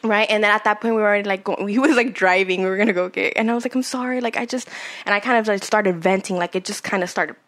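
A woman's voice: medium pitch, fairly even intonation, fast talker, a bit bright. A young woman in her twenties chatting casually on a podcast, candid and rambling, swearing freely as she tells a personal story. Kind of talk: casual chat.

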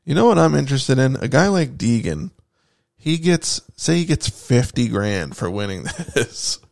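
A man's voice: medium pitch, sing-song, unhurried, creaky, a little mellow. A man co-hosting a casual podcast, joking and riffing with plenty of swearing. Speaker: podcast co-host.

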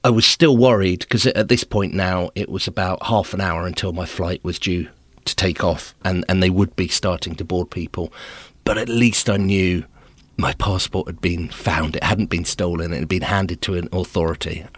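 A male podcast host telling a comic story about himself in an animated, self-deprecating way. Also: low-pitched, normal speed, no echo.

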